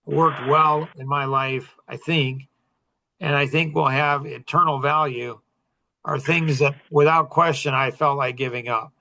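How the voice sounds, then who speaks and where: Storytelling man with a higher voice. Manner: storytelling, animated retelling of conversations. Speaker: coach answering audience questions. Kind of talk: casual Q&A podcast talk.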